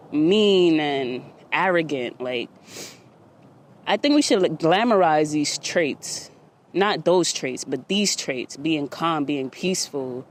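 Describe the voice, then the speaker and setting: Woman host, chatty motivational monologue, slightly winded, recorded outside. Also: low voice. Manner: chatty, repeats "you get me?". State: a little out of breath. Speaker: podcast host. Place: outdoors.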